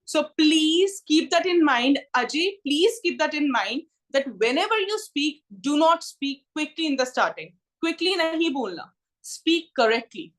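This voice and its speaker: Indian english teacher lady, high voice, explains slow and mixes in hindi, calls students "ji". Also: lively intonation, fairly bright tone. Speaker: spoken English tutor. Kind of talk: online class teaching.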